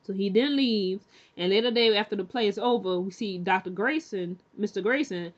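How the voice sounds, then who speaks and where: A chatty woman talking through a TV episode in a loose, candid way, circling back with lots of "you know" and restarts. Her voice sits at a middling pitch. The recording sounds dull and lo-fi, like a simple home setup. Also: normal speed. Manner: rambling, many fillers and restarts; chatty and candid, acts out characters' lines. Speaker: TV show recap reviewer. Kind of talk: casual recap chat.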